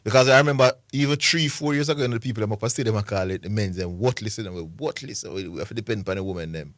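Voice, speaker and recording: A Jamaican man co-hosting sports radio with a very low voice, laid-back but firm when he gives his views. The studio sound is dry and close. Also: lively intonation, rapid-fire, dry recording. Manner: laid-back, emphatic opinions. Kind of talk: casual sports chat.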